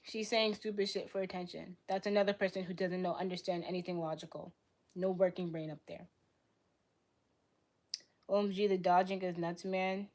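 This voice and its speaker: A young woman hosting a live stream, arguing bluntly with her chat in rapid-fire retorts. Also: on the low side, steady tone, a little mellow. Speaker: livestream host.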